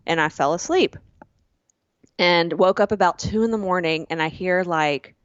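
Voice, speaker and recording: Lively Southern woman telling stories. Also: lowish voice, normal speed, clear, resonant tone, dry recording, highs cut off. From Birmingham, Alabama. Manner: animated storytelling, acting out family voices. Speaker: podcast co-host. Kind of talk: casual sister chat.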